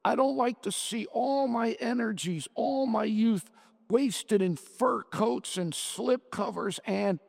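A man reads aloud as a weary middle-aged husband, exasperated and bitter. The voice is gravelly and unhurried. Long hall reverb surrounds it. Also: very high voice, exaggerated voice. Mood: angry. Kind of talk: dramatic reading of a short story.

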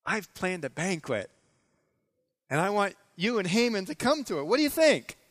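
A preacher voicing a calm young queen. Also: high-pitched, heavily acted. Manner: calm, measured.

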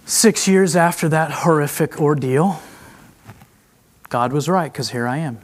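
His voice a little high and his pace measured, a middle-aged traveling preacher shares a confessional sermon full of emotion. He shifts between hushed and raised tones, calling his listeners friends.

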